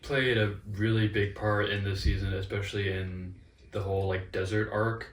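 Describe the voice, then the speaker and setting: A man chatting casually as co-host, relaxed and agreeable, with frequent "like" fillers. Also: lowish voice, moderate pace. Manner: relaxed, agreeable, uses "like" often. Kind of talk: casual chat. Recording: echoey room, distant mic, faint noise.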